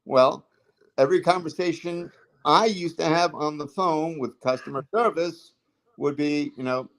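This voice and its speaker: Rambling man, slightly high voice. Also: measured pace, poor audio. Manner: rambling, many fillers and restarts. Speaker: guest telling stories. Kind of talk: casual livestream chat.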